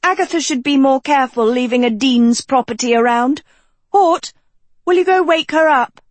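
A woman's voice: high-pitched, normal speed, no echo, pitched above the performer's own voice. A woman voicing a manipulative young female dean who talks down to others, sweet on the surface and scolding underneath. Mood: sugary. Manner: sweetly condescending, then scolding.

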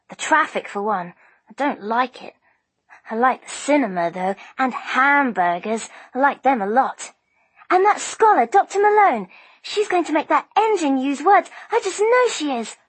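A woman's voice: high-pitched, slightly rough. A woman voicing a bold, curious young girl who chatters eagerly in an audiobook. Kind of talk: audiobook character voice.

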